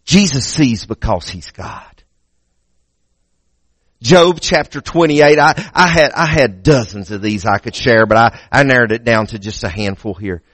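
A man's voice: medium pitch, unhurried, a bit bright, no room sound. A male pastor preaching a sermon in a church, emphatic, repeating words as he restarts and building to raised peaks.

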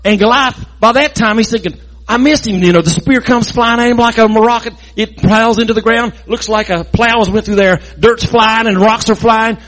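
A man telling a Bible story in a lively, folksy way, adding sound effects and jokes. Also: high-pitched, normal speed, hardly any pauses.

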